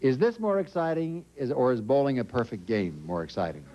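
A man hosting a quiz show in a TV studio, joking with contestants and reading questions briskly. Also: medium pitch, animated, dark tone. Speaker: game show host. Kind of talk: quizmaster patter. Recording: dull, noisy old TV audio.

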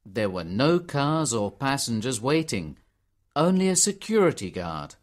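Slow, expressive male story narrator. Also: mid-range voice. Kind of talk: graded reader audiobook narration.

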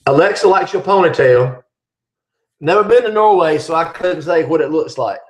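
A man's voice: on the high side, expressive, moderate pace. A middle-aged man hosting a casual live chat, reading out viewer questions and answering them. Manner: reads viewer questions aloud, chatty.

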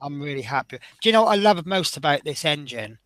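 A man's voice: fairly high pitch, expressive, fast talker, fairly bright tone, no echo. A man chatting casually as he builds a scale model, rambling and often breaking off mid-sentence. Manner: chatty, rambling, self-interrupting.

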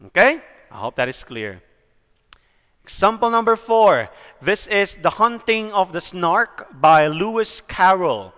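A high, bright male voice with a Cebuano Filipino accent, speaking slowly and clearly. He lectures like a patient teacher, often pausing to ask "okay?", and his words ring with a long reverb. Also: lively intonation. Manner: slow, explanatory, checks in with "okay?". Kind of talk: recorded classroom lecture.

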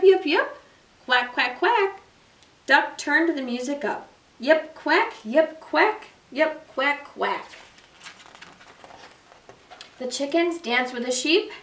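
Library story-time reader: a woman with a high voice reading picture books to kids in an expressive way, recorded from a distance in a roomy space. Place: public library. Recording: echoey room, mic far off.

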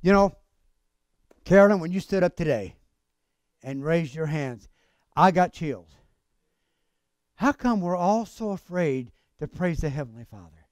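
A male pastor delivers a fervent church sermon, urging his congregation to answer him. His voice sits high and moves animatedly up and down. The sound is close and dry, with no room echo. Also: expressive, unhurried, long pauses, darkish tone. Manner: fervent, calls out to the congregation for amens. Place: church service.

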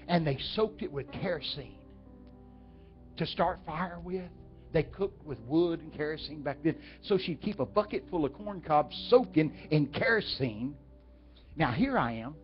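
A man from Texas with a Texan accent, preaching through folksy stories and asking the crowd questions. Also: on the high side. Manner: folksy, talks directly to the audience. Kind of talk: storytelling sermon. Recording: dull lo-fi with faint music.

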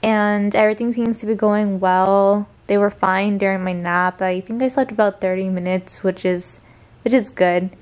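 A woman's voice: medium pitch, steady tone, moderate pace, darkish tone. A tired young woman, chatting through casual vlog updates about her pets and stretching her fillers. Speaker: vlogger.

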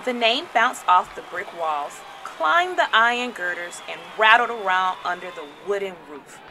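Bright, lively woman reading a storybook aloud. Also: medium pitch, a little slow, slight background noise. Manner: dramatic, shouts crowd chants. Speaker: children's book reader. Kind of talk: expressive read-aloud storytelling.

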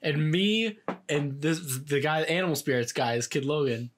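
A young man chats as a guest, joking constantly and swearing freely. His voice sits high and leaps around. His tellings turn into animated bits. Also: normal speed, a little hiss or hum. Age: young adult. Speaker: guest, college student. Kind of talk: casual chat.

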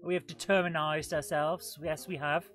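A woman's voice: low-pitched, steady tone, moderate pace, a bit bright, faint music behind. A woman, chatting through a live retro game stream, self-mocking and greeting chat viewers. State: coughing and out of breath. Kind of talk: live gameplay commentary.

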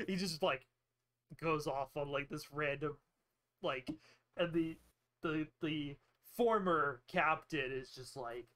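A man's voice: on the high side, slow, a bit bright. A man narrating a tabletop game as game master, telling the story loosely with frequent giggles.

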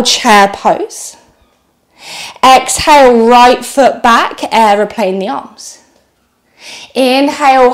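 Slow, high-pitched yoga teacher. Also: female voice. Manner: calm, encouraging breath-paced cues. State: slightly out of breath. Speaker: yoga instructor. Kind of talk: guided yoga class cues.

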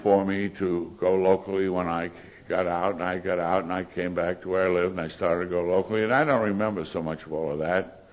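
A man's voice: sits low, steady tone, a little fast, slight background noise. An older man telling his recovery story to a meeting in a wry, sardonic way with dry humor. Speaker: AA speaker. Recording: muffled recording of a live talk.

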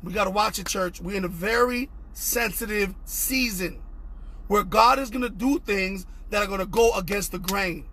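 A young man preaching an impassioned online sermon, fervent and repetitive, often shouting, with a husky voice. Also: high-pitched, normal speed. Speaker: pastor.

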